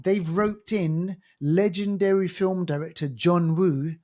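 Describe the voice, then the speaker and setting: A man's voice: sits high, steady tone, slow, dark tone. A man with a London accent co-hosting a film podcast, chatting casually and rambling with lots of fillers and restarts. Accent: London English. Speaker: podcast co-host.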